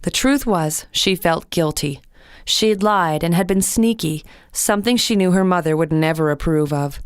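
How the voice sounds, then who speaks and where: A woman narrating a children's audiobook in a clear, expressive storytelling voice. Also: lowish voice, normal speed, no room sound, clean studio sound.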